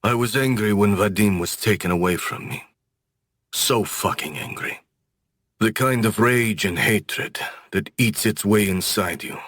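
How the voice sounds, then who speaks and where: A man narrating a first-person audiobook in a brooding, measured manner. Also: on the low side, a bit bright, dry recording, studio quality.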